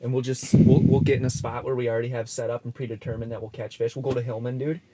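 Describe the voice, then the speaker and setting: A man's voice: medium pitch, level tone, fast talker, heavy background noise. A young man co-hosting a podcast, rambling in laid-back casual chat from an ice fishing shelter. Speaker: podcast co-host.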